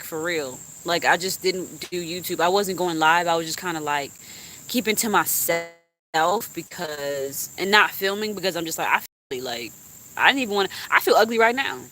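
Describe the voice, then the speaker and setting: Blunt, bright-voiced young woman venting. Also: on the low side, slight background noise. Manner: blunt, heavy cussing. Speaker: YouTuber. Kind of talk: venting to a live stream chat.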